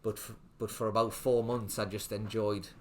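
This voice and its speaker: Low-ish voiced guy in his thirties, chatty, rambling guest. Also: flat delivery, moderate pace, a little hiss or hum. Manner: rambling, full of fillers like "like". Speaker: guest, restaurant owner. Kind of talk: casual podcast interview.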